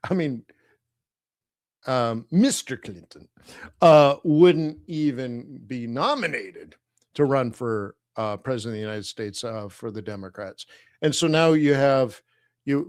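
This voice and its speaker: A man's voice: mid-range voice, no echo, studio quality. A man hosting a live trading stream, talking casually in a rambling, conversational way and chuckling often. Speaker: forex trading livestream host. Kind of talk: casual livestream commentary.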